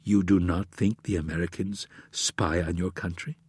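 A man voicing a careful, serious adult plotter in an audiobook, speaking in measured, earnest tones. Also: deep voice, steady tone, a little mellow, slightly rough, no echo, clean studio sound, voice pushed down.

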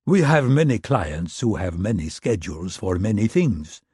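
A man reading a wary corporate lawyer, formal and guarded, poking at each statement with dry questions. The tone stays husky and mellow in a close, dry recording. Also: on the low side, sing-song, normal speed, no echo, heavily acted. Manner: formal, guarded, dryly probing.

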